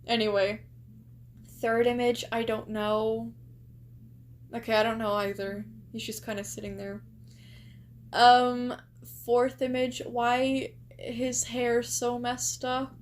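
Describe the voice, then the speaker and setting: A woman's voice: fairly high pitch, fairly even intonation, slow pace, long pauses, a little hiss or hum. A young woman streamer chatting casually as she reacts, gushing and asking lots of rhetorical questions. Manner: chatty, exclaims and gushes, many likes and rhetorical questions.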